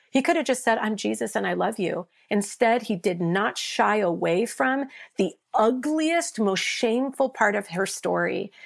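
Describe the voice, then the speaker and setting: A woman pastor and author, appearing as a guest, speaks with a gravelly, medium-pitched voice. In a passionate faith conversation, she uses an earnest preacher's cadence and voices biblical figures with rising intensity.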